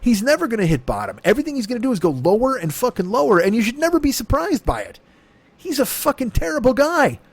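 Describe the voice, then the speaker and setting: A comedian and podcast host who rants angrily and sarcastically, swearing constantly. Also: male voice, very high voice, very animated, fast talker, husky, no room sound. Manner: angry, profane, sarcastic ranting. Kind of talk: profane comic rant.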